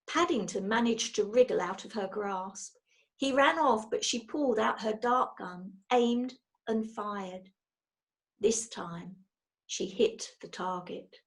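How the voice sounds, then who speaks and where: A woman reading a children's book aloud with lively, expressive narration. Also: medium pitch. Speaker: storyteller.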